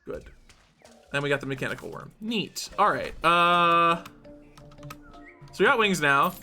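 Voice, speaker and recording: Brief: hyper, chatty game streamer with a bouncy, animated delivery. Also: medium pitch, normal speed, faint music behind. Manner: excitable, jumping between shrieks and muttering. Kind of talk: live gameplay commentary.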